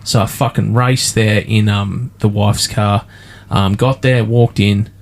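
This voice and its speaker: A man's voice: fairly low pitch, fairly even intonation, unhurried. A man with an Australian accent, hosting a podcast and telling a sweary, ranting story in casual chat. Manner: sweary, ranting anecdote with put-on quotes. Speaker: podcast host. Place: podcast studio.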